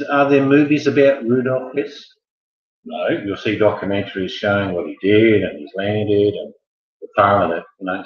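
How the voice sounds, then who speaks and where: A man hosting a casual quiz, joking and wandering off into chatty asides. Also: on the low side. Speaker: quiz host. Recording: echoey, muffled room sound.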